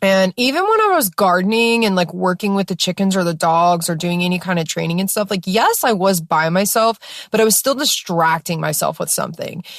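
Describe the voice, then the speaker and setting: A young woman speaks with a lowish voice, telling her own story loosely and expressively, full of fillers and the odd swear word. She is recorded close and dry, with no room sound. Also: dry recording. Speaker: podcast host. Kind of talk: personal storytelling.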